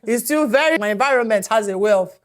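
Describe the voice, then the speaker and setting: A woman's voice: fairly high pitch, expressive, fast. A woman with an Igbo accent, talking candidly and personally in a casual panel chat.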